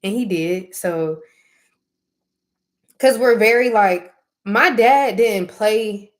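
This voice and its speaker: A woman's voice: mid-range voice, slow. A woman in her thirties talking candidly to her viewers, emphatic and peppered with "like" and laughs. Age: 30s. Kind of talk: casual heartfelt chat to viewers.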